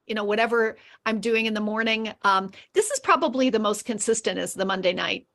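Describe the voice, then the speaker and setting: A woman on a video call from home, chatting casually and telling lively stories about a group program, acting out what people say. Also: mid-range voice, a little fast. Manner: animated storyteller acting out quotes. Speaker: program member.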